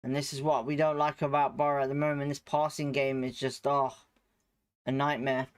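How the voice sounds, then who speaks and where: A man runs a live football watchalong, calling the action with excited reactions and saying hello to chat viewers by name between moments of the match. He has a medium-pitched voice, talks at normal speed, and sounds smooth.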